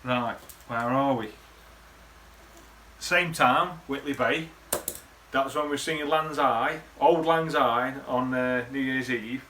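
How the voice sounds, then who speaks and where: A man's voice: mid-range voice, slow, long pauses, bright, forceful tone, a little hiss or hum. A man, rambling through casual, sweary memories in a laddish way to the camera. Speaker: vlogger. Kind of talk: casual reminiscing monologue.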